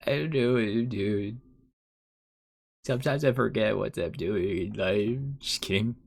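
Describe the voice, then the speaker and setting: A man's voice: on the low side, unhurried, gravelly. Rambling, self-mocking young man streaming. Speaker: live streamer. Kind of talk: casual chat while drawing.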